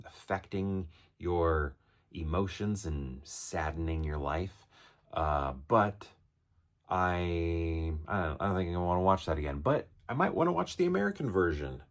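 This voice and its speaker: A man's voice: sits low, lively intonation, a little slow. A man reviewing a film in a casual, rambling monologue, with lots of fillers and restarts and acted-out quotes. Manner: rambling, many fillers and restarts, acts out characters' lines.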